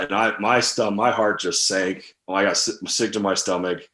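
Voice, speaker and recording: A man in his thirties, a former football player, telling candid stories from his career in a casual, animated interview. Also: on the low side, moderate pace, roomy sound. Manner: animated, candid storytelling with fillers. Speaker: podcast guest, former NFL tight end.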